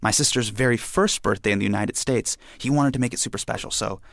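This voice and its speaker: Man, young adult, gravelly voice, animated storyteller, acts out family voices. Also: on the low side, quick pace, no echo, clean studio sound. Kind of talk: personal storytelling.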